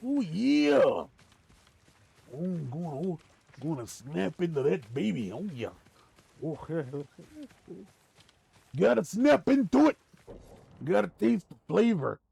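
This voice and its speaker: A man putting on the voice of a hyped wrestling showman, with growled, drawn-out exclamations during a live gaming stream. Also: fairly high pitch, sing-song, creaky, dark tone, slightly rough, heavily acted. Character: gravelly hyped wrestling showman, adult male.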